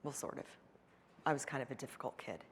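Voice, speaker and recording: A woman's voice: very deep voice, animated, fast talker, a little hiss or hum. A woman therapist giving a live seminar talk, earnest and emphatic, speaking conversationally with frequent fillers. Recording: long hall reverb.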